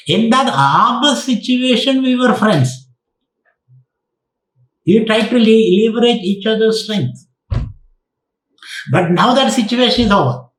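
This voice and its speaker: A man gives a lecture, often repeating himself as he tells a fable. His voice is fairly high for a man, and it echoes around a roomy space. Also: fairly bright tone. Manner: storytelling with Sanskrit quotes and repeated phrases. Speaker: spiritual teacher. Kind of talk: online lecture. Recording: roomy echo.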